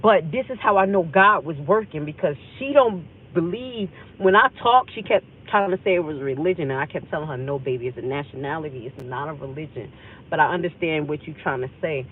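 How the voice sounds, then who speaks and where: A woman's voice: on the low side, fairly quick, hardly any pauses, breathy edge. A woman host telling an emotional personal story on a livestream, rambling and acting out the conversations she remembers. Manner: intense, rambling, acts out remembered dialogue. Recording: tinny phone-like audio.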